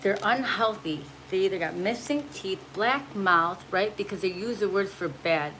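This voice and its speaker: A woman talks to her viewers in a casual, preachy way, blunt and quick to swear. Her voice sits at an ordinary pitch. Steady background noise runs under the recording. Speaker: spiritual message reader. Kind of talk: casual livestream talk. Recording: noisy home recording.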